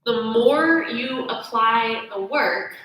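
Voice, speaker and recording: A young woman teaching yoga philosophy in a casual, animated way, often checking in with "right?". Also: on the high side, slow, heavy reverb, low-quality recording. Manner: animated storytelling with self-quotes, frequent "right?".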